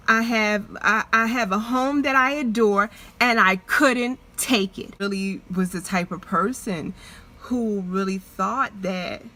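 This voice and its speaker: Bright, earnest woman vlogging haltingly. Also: on the high side. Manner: earnest, halting, with many restarts and repeats. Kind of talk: emotional personal vlog confession.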